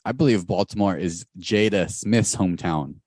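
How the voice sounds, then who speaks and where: A man co-hosting a podcast over a video call, telling stories in a rapid, animated way with big jumps in pitch. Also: no echo, clean studio sound. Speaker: podcast co-host. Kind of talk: casual podcast chat. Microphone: recorded over a video call.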